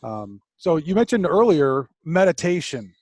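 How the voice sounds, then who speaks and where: A man's voice: on the high side, big pitch swings, measured pace, darkish tone, dry recording. A man hosting a podcast who asks his guest questions in a reflective, easygoing way. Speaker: podcast host. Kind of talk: interview questions.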